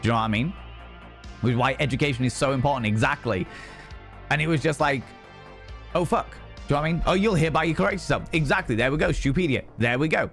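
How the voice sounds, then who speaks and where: A man in his thirties talking casually on a live stream, candid and profane, rambling and breaking into animated outbursts. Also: mid-range voice, quick pace, creaky, soft background music.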